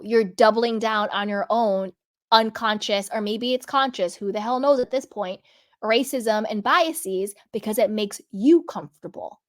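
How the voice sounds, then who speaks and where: Earnest woman host, fairly high voice. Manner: earnest, emphatic, slows down to stress words. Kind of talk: casual commentary vlog.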